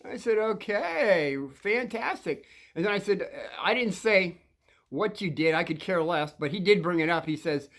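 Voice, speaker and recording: A man's voice: high-pitched, lively intonation, moderate pace, a bit bright. Rambling older man telling stories. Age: 60s. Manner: meandering, with frequent restarts and chuckles. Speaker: show host talking to kids. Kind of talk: rambling anecdotal storytelling.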